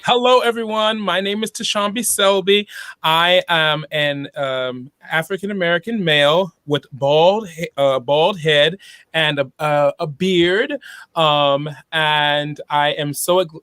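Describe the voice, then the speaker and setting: A man's voice: on the high side, bright, forceful tone, no room sound. A man, an opera chorus singer, talking cheerfully with a few restarts over a video call from a room at home.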